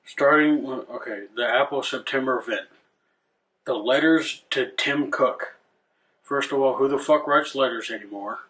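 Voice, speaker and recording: A man's voice: medium pitch, moderate pace, a bit bright. A man hosting a rant video, swearing a lot, irritated and sarcastic, with frequent restarts. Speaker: channel host. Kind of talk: ranting commentary.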